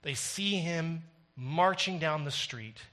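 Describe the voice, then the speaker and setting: A man's voice: on the high side, slow pace, bright, forceful tone. A man preaching a sermon with no congregation present, moving from wry joking asides to intense, emphatic preaching. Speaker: pastor. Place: recorded without a congregation.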